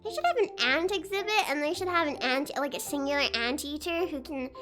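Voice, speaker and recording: A woman streamer chatting casually, excitable and giggly, rambling as she reacts to videos. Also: sits high, brisk. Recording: faint music behind.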